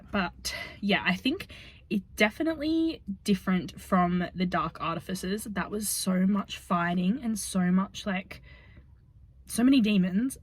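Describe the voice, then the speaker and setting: A young woman chatting casually in a reading vlog, gushing about a book and sometimes dropping to soft whispers. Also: mid-range voice, husky. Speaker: book vlogger.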